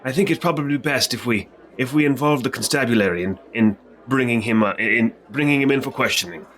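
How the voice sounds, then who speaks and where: A man's voice: medium pitch, brisk, a bit bright. A man playing a tabletop game, chatty and joking. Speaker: player. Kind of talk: tabletop role-play.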